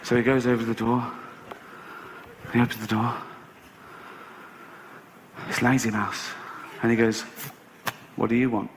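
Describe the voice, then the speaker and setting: Against a noisy background, a man performs stand-up at medium pitch, delivering flatly and without hurry, pausing often. His long tale comes packed with sardonic remarks, free swearing and a put-on innocence.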